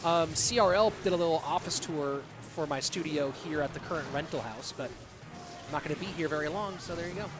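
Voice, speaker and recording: Man in his thirties, live game commentary, chatty streamer, high voice. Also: brisk, noisy background. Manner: casual, chatty, reads donations aloud. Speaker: esports caster and streamer. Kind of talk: live esports commentary and chat.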